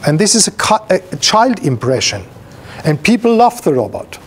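A man's voice: sits high, sing-song, moderate pace, husky. A male professor giving an academic seminar lecture, explaining while pointing at slides, with frequent fillers and restarts.

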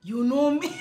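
An actress playing a bossy, wealthy wife and employer with a Nigerian accent, who talks in a commanding way. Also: female voice, on the high side, roomy sound, very noisy. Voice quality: commanding, breaks into loud laughs.

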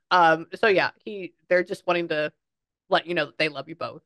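A woman's voice: on the low side, moderate pace, fairly bright tone, dry recording. A woman working as a psychic medium in a casual session, chatting and passing on quotes in a conversational way.

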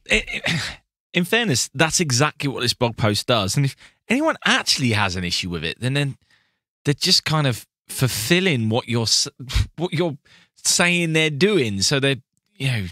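British man, casual podcast co-host, chatty, bright tone. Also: medium pitch, big pitch swings, moderate pace, no room sound, clean studio sound. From Britain. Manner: chatty, with many restarts. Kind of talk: casual chat.

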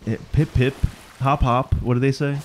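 A man's voice: mid-range voice, level tone, normal speed, a little hiss or hum. A young man watching a friend play a video game, joking and teasing casually. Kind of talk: casual gaming chat.

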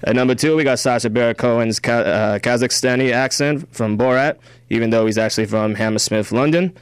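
A young man co-hosts a campus radio film show, casually reviewing and counting down a list. His voice is smooth and clear, and the studio sound is close and dry. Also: mid-range voice, brisk, no echo. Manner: easygoing, filler-heavy. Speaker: radio co-host. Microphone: studio microphone.

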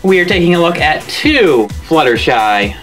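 A man's voice: a little high, sing-song, normal speed, over music. A man co-hosting a toy review, chatting in a casual, teasing way. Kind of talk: casual chat.

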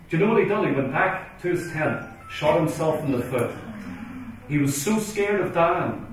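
A man's voice: high-pitched, a little hiss or hum. A middle-aged man preaching a conference sermon with emphatic, intense urgency in a large church hall. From Ireland. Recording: echoey hall recording from far off.

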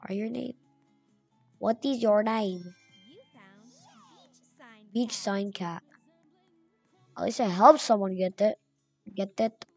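A young woman giving excitable, chatty commentary while playing a video game, reading names aloud as she goes. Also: medium pitch, slow, creaky, pauses often, breathy edge, faint music behind. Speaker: gamer. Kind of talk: gameplay commentary.

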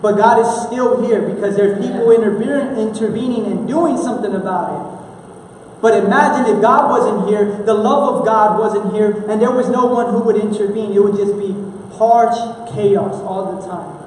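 Guy preaching, pretty high voice, earnest and chatty, lots of restarts, sounds far off in a big echoey church. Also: moderate pace, a little mellow, a little hiss or hum. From Houston, Texas. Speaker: pastor. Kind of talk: sermon.

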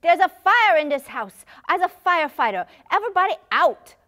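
A woman's voice: on the high side, very animated, measured pace, a bit bright. A woman voicing an eager little boy who loves helping, talking in childlike pretend play with broken grammar, in a puppet show. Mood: proud.

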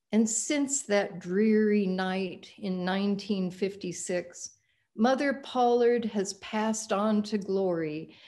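Slow-speaking woman pastor reading a sermon. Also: mid-range voice. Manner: measured, expressive reading. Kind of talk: sermon, reading a passage aloud.

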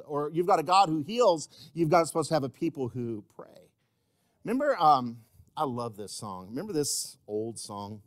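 High-voiced preaching pastor, dry sound. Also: male voice, animated, normal speed, no echo. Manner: swings between loud emphatic preaching and quiet, intimate asides; repeats key words for emphasis. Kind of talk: sermon.

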